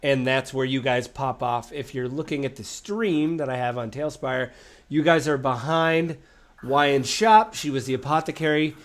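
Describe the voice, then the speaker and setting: A man's voice: medium pitch, normal speed. A man narrating as game master of a tabletop game, casual and rambling, with many fillers.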